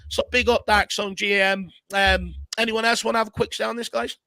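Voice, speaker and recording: A bright, high-pitched man hosts a football fan show, his voice crisp and close with little room sound. He chats in a relaxed way, reads out viewer comments and moves the panel through the questions. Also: brisk, no room sound. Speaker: fan channel host. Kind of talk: casual fan discussion show.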